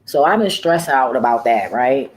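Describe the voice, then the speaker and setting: Low-voiced woman, profane and rambling. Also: expressive, moderate pace, a little hiss or hum, low-quality recording. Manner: often trails off and restarts. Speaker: home care worker. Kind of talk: casual vlog monologue.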